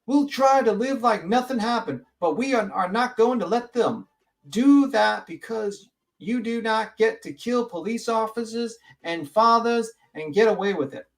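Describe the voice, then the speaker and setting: A man's voice: high-pitched, animated, measured pace, far from the mic, voice pushed up. A man voicing a riled-up male protester who rants through a bullhorn in an Old West vigilante tone. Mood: accusing.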